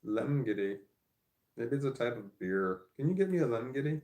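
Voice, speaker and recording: A man in his forties with a gravelly, creaky voice, rambling candidly on a casual livestream. His pitch sits in an ordinary middle range. The sound rings around an echoey room. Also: expressive, moderate pace, a little mellow. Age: 40s. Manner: rambling and candid, thinking aloud. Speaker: streamer.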